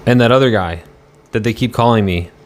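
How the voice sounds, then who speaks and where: A man's voice: medium pitch, fairly quick, slight background noise. A man on a casual live stream, answering chat in a rambling, argumentative way and swearing now and then.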